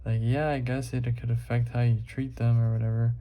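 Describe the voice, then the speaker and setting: A man's voice: medium pitch, level tone, normal speed, few pauses, narrow, tinny audio. A young man vlogging while he draws, rambling casually with lots of fillers and swearing. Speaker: art vlogger.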